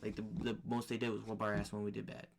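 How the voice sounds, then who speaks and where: Young male podcast co-host, lowish voice, slangy and blunt. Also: little pitch movement, quick pace, creaky, very noisy. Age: young adult. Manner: slangy, profane, candid storytelling. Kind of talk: casual chat.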